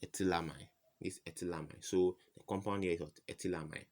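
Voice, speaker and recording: A man's voice: sits low, steady tone, fast talker, very noisy. A man tutoring chemistry in an informal lesson, firing rhetorical "what?" questions at the viewer and repeating each answer. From West Africa.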